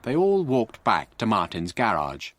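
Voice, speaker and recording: A man narrating a graded story for English learners in a clear, deliberate way. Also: fairly low pitch, huge pitch swings, fairly bright tone, no echo. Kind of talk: slow scripted story narration.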